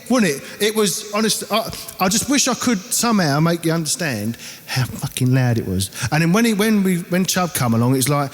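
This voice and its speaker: A man with an Essex accent and a notably high voice spins an animated, salty anecdote about band life. The sound carries a lingering reverb from the room. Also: fairly quick. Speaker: band member. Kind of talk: casual storytelling.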